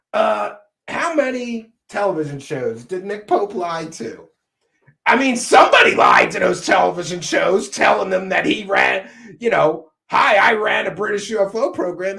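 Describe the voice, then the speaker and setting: A man hosting a live commentary stream, mocking and combative, jumping between shouting and muttering. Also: high voice, gravelly, roomy sound. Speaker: commentary show host.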